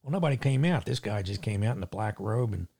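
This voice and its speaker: A man hosting his own podcast, telling a grievance story in a gruff, indignant way with lots of fillers. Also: fairly low pitch, expressive, fast, darkish tone. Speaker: podcast host. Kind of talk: casual monologue. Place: seaside town home.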